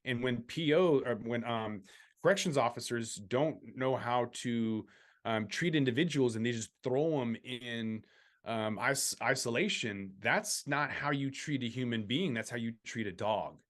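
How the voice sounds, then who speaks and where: A man's voice: medium pitch, measured pace. A male talk show host with a mid-range voice speaks casually and with opinion. He often repeats words while working out his point.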